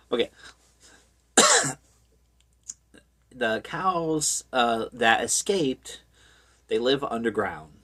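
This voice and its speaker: A horror book reviewer giving a rambling, deadpan, casual recap of a book, with many asides. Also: mid-range voice.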